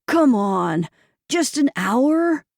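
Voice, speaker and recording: A woman's voice: mid-range voice, sing-song, brisk, darkish tone, husky, dry recording, clean studio sound. A woman narrating an audiobook, voicing an eager young boyfriend who talks in a coaxing, upbeat way.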